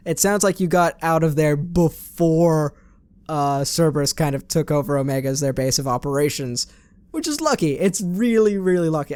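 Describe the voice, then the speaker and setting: A man's voice: a little high, a little mellow, clear, resonant tone, no room sound. A man hosting a let's play, chatting casually and reading in-game messages aloud with his own asides. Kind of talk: casual gameplay commentary.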